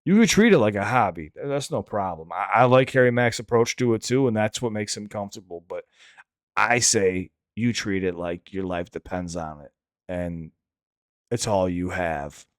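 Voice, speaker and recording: Guy doing a reaction vid, low-ish smooth voice, rambly and candid, swears a lot. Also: normal speed, dry recording, clean studio sound. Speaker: reaction channel host and rapper. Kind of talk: casual commentary.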